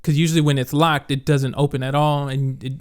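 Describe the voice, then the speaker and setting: A man co-hosting a podcast, telling a story in animated casual chat with lots of "like" and "bro", often breaking into laughter. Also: a little high, fairly quick, smooth. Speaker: podcast co-host.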